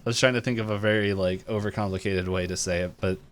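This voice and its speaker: A man co-hosting a podcast, retelling a cartoon episode in a casual, animated way and jumping into the characters' lines with laughter. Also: lowish voice, fast. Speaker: podcast co-host.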